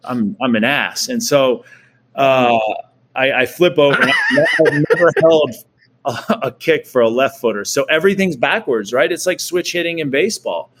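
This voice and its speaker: A man's voice: medium pitch, huge pitch swings, moderate pace, a bit bright, a little hiss or hum. A man in his forties, a guest and former pro quarterback, telling stories casually and often laughing. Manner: laughs often, acts out quoted people. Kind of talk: casual storytelling.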